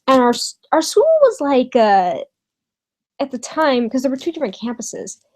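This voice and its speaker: A young woman telling a storytime vlog from her bedroom, hesitant with many pauses and fillers, swearing casually. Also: a little high, a little mellow, rough recording. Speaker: vlogger.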